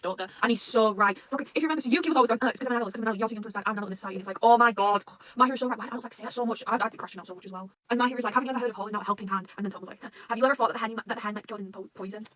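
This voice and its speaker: A woman reacting to a manga arc, rambling and swearing often, swinging between rants and excitement. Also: on the high side. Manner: swears constantly, rambling, quick emotional swings.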